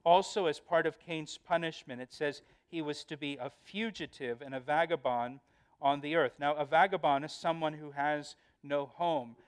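A man's voice: fairly high pitch, fairly even intonation, moderate pace, clean tone. A male pastor giving a verse-by-verse Bible study, earnest and emphatic, often repeating words as he explains.

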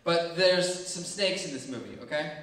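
A young man telling children a funny story from his childhood, animated and acting out screams and voices. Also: a little high, normal speed, a crowd in the background. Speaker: children's ministry speaker. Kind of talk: storytelling to kids. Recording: echoey hall from far off.

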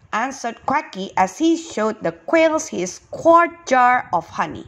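A woman kindergarten teacher reading a children's animal storybook aloud, slow and expressive. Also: on the high side.

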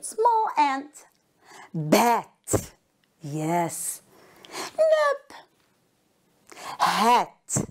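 A woman teacher with an Arabic accent giving a phonics lesson to children, sounding out letters one by one and praising often. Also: fairly high pitch. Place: recorded for a broadcast school lesson.

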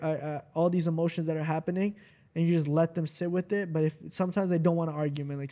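Quick-paced and warm, the slightly high voice of the host's son comes through in casual podcast chat. The young co-host keeps his intonation fairly even, sounds earnest and affirming, and fills his speech with "like."

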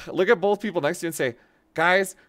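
A woman's voice: lowish voice, quick pace. A woman streamer in casual livestream chat, laughing a lot as she feeds a friend prank lines to repeat.

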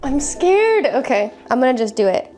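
A woman's voice: high voice, very animated, normal speed, music in the background. A young woman chatting casually in a teasing, amused way. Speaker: vlogger's girlfriend. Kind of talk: casual chat.

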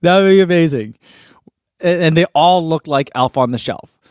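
A man's voice: fairly high pitch, moderate pace, a little mellow, smooth, no room sound, clean studio sound. Chatty man hosting a live stream. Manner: chatty, rambling, with fillers and laughs. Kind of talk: casual live-stream chat reading viewer comments.

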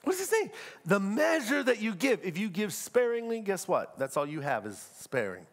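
A middle-aged man pastor preaching a sermon, animated, asking the crowd rhetorical questions and acting out quotes. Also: high-pitched, normal speed.

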